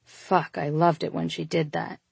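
A woman reading a first-person story aloud in a steady, intimate narration. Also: fairly low pitch, moderate pace, no echo. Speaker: audiobook narrator.

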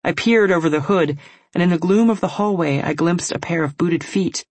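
A woman reading a first-person novel aloud in a measured, emotional storytelling manner. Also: fairly low pitch, a little mellow, slightly rough, dry recording. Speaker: audiobook narrator.

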